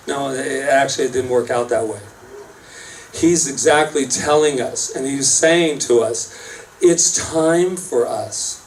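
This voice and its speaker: A man's voice: mid-range voice, measured pace. A man who is a minister, giving a casual, rambling sermon full of self-mocking asides. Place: church service space. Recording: distant mic, faint room noise.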